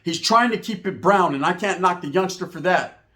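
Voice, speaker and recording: A man from Northern California, talking to camera as a YouTuber in casual opinion commentary, animated and slangy, full of rhetorical asides. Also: high voice, normal speed.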